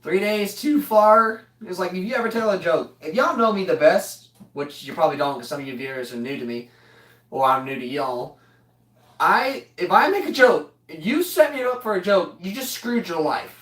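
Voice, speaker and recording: A man's voice: high-pitched, lively intonation, moderate pace, fairly bright tone. A young man rambles through a funny story, joking and laughing as he goes. His voice sits in a roomy space, picked up from a distance rather than close to the mic. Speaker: vlogger telling a story.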